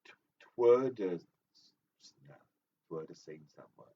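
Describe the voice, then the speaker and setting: Male co-host, lively and playful, distant dull mic. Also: low voice, slow pace. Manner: playful, jumps into sudden loud exclamations. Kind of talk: casual live-stream banter.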